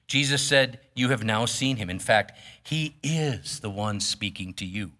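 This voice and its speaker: A man's voice: on the low side, measured pace, bright, forceful tone. A man preaching a sermon, reading scripture aloud and then explaining it in a plain, casual way with frequent fillers. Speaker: pastor.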